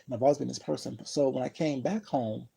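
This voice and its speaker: A man's voice: mid-range voice, a little fast, gravelly, mellow, slightly rough, poor audio. A man casually telling a personal story to his viewers, rambling and emphatic, with lots of "you know what I'm saying". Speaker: vlogger.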